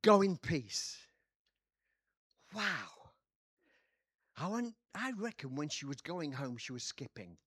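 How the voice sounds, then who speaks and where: A man preaching a sermon, telling a story dramatically and acting out quotes with sudden shouts. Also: sits high, breathy edge, no room sound, clean studio sound.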